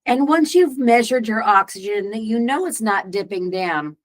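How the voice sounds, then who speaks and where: A woman co-hosting a health podcast, explaining breathing and recovery calmly. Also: fairly high pitch, a little slow. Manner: calm, explanatory. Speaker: podcast co-host. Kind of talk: casual advice chat.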